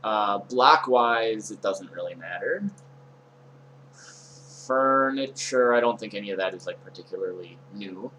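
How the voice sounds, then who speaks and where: A young man streaming a game, talking through his inventory in a relaxed, meandering way with frequent ums and uhs. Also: fairly low pitch, unhurried, a little hiss or hum, low-quality recording. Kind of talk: casual let's-play commentary.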